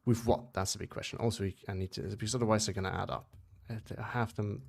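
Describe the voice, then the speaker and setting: A young Swiss man with a low, gravelly voice chats casually through a game stream. His English has a loose British-American accent, and he wanders and corrects himself while answering viewers. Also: fairly even intonation, quick pace, darkish tone. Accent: Swiss, mixed British-American English. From Switzerland. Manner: rambling, self-correcting, chatting to viewers. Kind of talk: casual live-stream chat.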